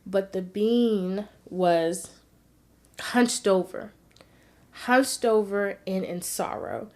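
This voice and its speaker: A woman vlogger sharing a personal story in an earnest, heartfelt way. She moves between hushed and emphatic. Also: mid-range voice, expressive, very slow.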